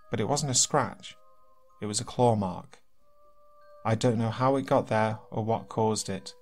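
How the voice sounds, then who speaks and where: Man, horror story narrator, medium pitch, steady, faint background music. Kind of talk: scripted narration of horror stories.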